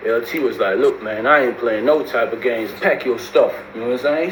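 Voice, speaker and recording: Animated slangy man in a roomy space. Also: mid-range voice, a little fast. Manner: animated, slangy, acts out quoted voices. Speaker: storyteller recounting prison life. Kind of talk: casual storytelling. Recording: roomy with faint background noise.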